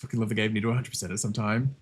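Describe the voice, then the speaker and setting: A man streaming a game and chatting casually, excitable, laughing a lot and swearing often. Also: lowish voice, rapid-fire, breathy edge. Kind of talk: casual livestream chat while gaming.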